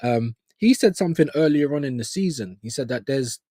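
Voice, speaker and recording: A man's voice: mid-range voice, expressive, fairly quick, mellow, no echo, clean studio sound. A man co-hosting a casual football chat, chatty and emphatic, with slang. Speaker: co-host.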